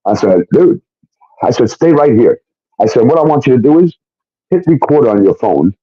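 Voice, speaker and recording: A man's voice: medium pitch, a little fast, dry recording. A man telling a long profane story, acting out the voices of the people in it. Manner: animated, acts out quoted voices, swears often. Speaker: show guest telling his story. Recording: dull lo-fi stream audio.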